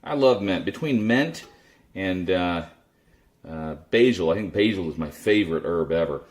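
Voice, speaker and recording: A man's voice: deep voice, animated, normal speed. A man casually chatting his way through a home cooking demo in his kitchen, rambling and self-deprecating. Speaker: cooking video host.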